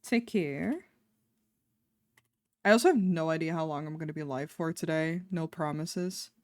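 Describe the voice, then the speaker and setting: A woman's voice: low voice, steady tone, fairly quick, dry recording. A woman streaming casually, chatting with her viewers in a rambling, offhand way and swearing now and then.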